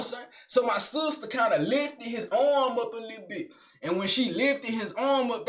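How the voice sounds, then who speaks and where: A young man recounts a family fight in loose, slangy street talk, animated and blunt. His voice sits high and bright, with a sharp edge when he gets worked up. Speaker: storyteller. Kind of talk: casual storytime vlog.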